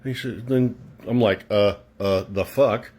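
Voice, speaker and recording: A man's voice: fairly low pitch, a little slow, a little mellow, slightly rough. A man telling a story in a blunt, offhand way, swearing casually.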